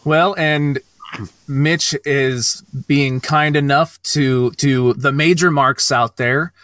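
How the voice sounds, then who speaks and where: A man's voice: fairly high pitch, steady tone, takes it slowly, fairly bright tone, no echo. A man hosting a casual podcast chat, speaking in a laid-back way with brief reactions. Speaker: podcast host.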